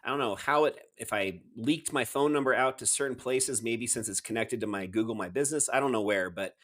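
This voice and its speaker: A man's voice: mid-range voice, fairly quick, fairly bright tone. A man hosting a podcast, asking long, rambling questions with many fillers. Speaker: podcast host. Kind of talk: casual interview questions.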